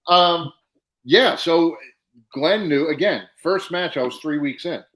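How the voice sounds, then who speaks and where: A middle-aged man co-hosting a casual podcast, telling stories with lively acted-out quotes. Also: fairly high pitch, takes it slowly, low-quality recording. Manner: animated storyteller, acts out quotes. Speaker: podcast co-host, former wrestler. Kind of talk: casual chat and storytelling.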